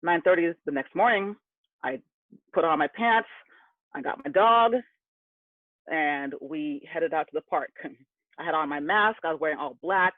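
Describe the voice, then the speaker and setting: A man from California tells a candid personal story at a moderate pace, pausing often, his slightly high voice heating up as he recalls his anger. The sound is dry and close with no echo, squeezed through a narrow, tinny, phone-like band.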